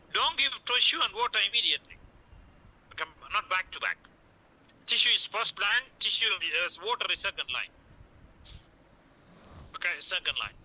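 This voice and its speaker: A man lecturing in short, repetitive coaching phrases, with "okay" after nearly every point. His voice sits a little high for a man and sounds very bright and sharp. He acts out the doctor's lines as he teaches. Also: poor audio. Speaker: medical communication teacher. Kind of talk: classroom lecture.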